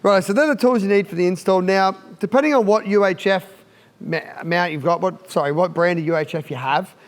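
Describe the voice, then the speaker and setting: A man's voice: sits high, a little fast. A man with an Australian accent presenting a casual, jokey how-to install video and laughing at his own fumbles. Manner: larrikin banter, laughs at himself.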